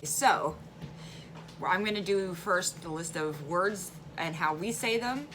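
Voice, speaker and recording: A woman's voice: low-pitched, background noise. Chatty woman with a central Illinois accent. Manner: chatty, animated, laughs easily. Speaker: vlogger. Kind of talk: casual chat.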